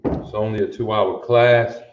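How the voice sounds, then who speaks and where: A man's voice: lowish voice, fairly even intonation, a little slow. A man with a Detroit accent teaching a class at a board, repeating phrases and checking that everyone is following. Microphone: camera mic, sometimes far away. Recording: echoey dull room recording.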